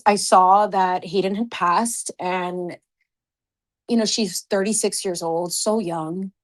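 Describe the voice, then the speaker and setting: A woman hosting a casual livestream chat, greeting viewers effusively and then talking earnestly from the heart. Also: fairly low pitch. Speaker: livestream host.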